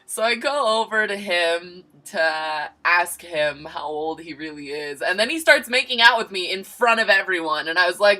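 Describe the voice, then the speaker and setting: Young woman, casual storytelling, candid, self-mocking, lowish pitch. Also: animated, normal speed, hardly any pauses, bright, forceful tone. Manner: candid, self-mocking, acts out her own lines. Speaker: vlogger.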